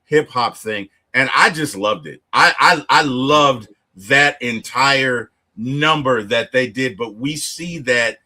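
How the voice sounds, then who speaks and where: A man in a casual film discussion, retelling scenes with lively storytelling and acting out the characters' lines. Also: medium pitch, slow pace, hardly any pauses. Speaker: movie reviewer.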